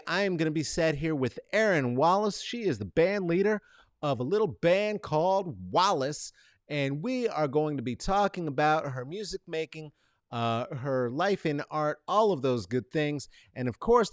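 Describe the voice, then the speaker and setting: A man hosting a show by himself from a makeshift studio in his apartment corner gives casual, profane, emphatic commentary. He's animated but keeps a measured pace, flipping between loud outbursts and muttering, captured in a dry recording.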